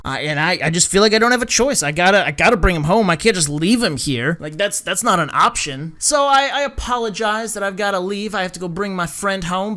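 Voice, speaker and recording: A man in his twenties telling a rambling, animated story to camera, acting out the other people's lines as he goes. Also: sits high, a little fast, clean tone. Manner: rambling and animated, with many restarts. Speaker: vlogger. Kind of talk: storytime vlog.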